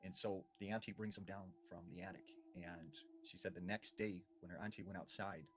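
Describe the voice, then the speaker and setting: Hushed low-voiced male storyteller. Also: fairly even intonation, brisk, gravelly, a little hiss or hum. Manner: hushed, dramatic, lots of "you know". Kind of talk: spooky storytelling.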